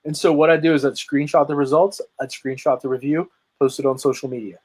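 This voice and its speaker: A man talking on a video call as a guest, his voice fairly high and husky. He tells his story with energy and emphasis and often restarts his sentences. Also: steady tone, fast, a little mellow, low-quality recording. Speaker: guest, lead generation marketer. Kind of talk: casual interview chat.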